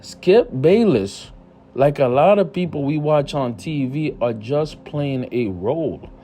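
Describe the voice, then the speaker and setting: A man's voice: fairly high pitch, lively intonation, slow pace, dark tone, soft background music. A man hosting his own channel, giving solo sports media commentary in a casual, emphatic way and repeating phrases for stress. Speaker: YouTube commentary host.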